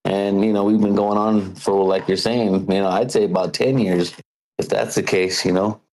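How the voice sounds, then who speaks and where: Very deep-voiced rambling man. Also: fairly even intonation, a little mellow, poor audio. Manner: rambling, halting, many fillers. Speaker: longtime caller. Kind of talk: casual call-in chat.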